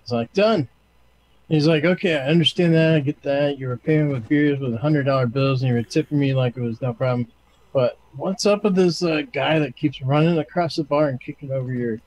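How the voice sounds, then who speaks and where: A man casually telling a genie joke in a halting way, with many fillers. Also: a little high, darkish tone, poor audio. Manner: halting, filler-heavy storyteller.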